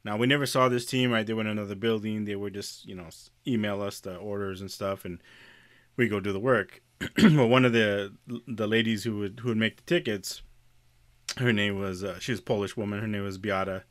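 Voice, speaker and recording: A man's voice: on the low side, fairly even intonation, a little fast, no room sound. A man co-hosting a podcast, telling a rambling work story in casual chat. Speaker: podcast co-host.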